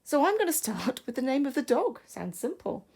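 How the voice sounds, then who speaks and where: An English woman teaching a primary school class, thinking aloud slowly and carefully as she writes, in a recorded online lesson. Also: high-pitched, very animated, vocal fry, darkish tone, husky. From England. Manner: slow, careful, thinking aloud while writing.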